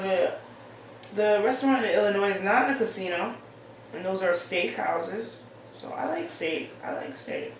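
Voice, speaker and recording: A woman hosting her own show, chatting casually and rambling as she reads out mail she has been sent. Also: mid-range voice. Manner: rambling, chatty, thinks aloud. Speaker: host. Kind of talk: casual solo chat, reading out mail. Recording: echoey room, far from mic, faint hiss.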